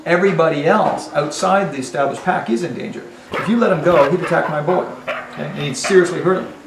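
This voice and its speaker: Man, dog trainer, emphatic, higher voice, echoey room, faint ambience. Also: fast talker, gravelly, background noise. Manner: emphatic, checks in with "Okay?". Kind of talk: explaining to a dog owner. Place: indoors in a home.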